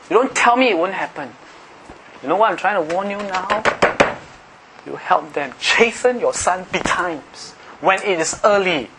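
Impassioned Singaporean pastor with a high voice. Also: male voice, expressive, moderate pace, slight background noise, poor audio. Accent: Singaporean English. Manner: impassioned, shouting at times. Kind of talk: sermon.

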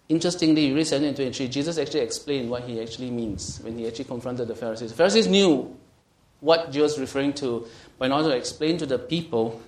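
A man teaching a Bible study, reading scripture aloud and questioning his listeners, growing emphatic as he explains. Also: medium pitch. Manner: asks the group questions, reads scripture aloud; grows animated and emphatic, stretching key words. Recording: echoey room.

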